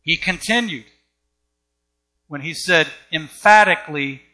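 Guy preaching hard, high voice, punchy repeated phrases. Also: a little slow, pushed and bright. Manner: emphatic, repetitive preaching cadence. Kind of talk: sermon.

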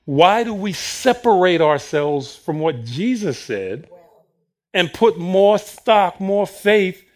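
High-voiced male preacher, slow and lively. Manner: animated, acts out Bible quotes with laughter. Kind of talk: sermon.

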